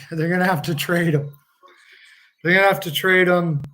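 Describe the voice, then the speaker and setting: A man's voice: high-pitched, fairly even intonation, normal speed, pushed and bright. A man hosting a casual hockey watch-along stream, joking, laughing often and swearing freely. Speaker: livestream host.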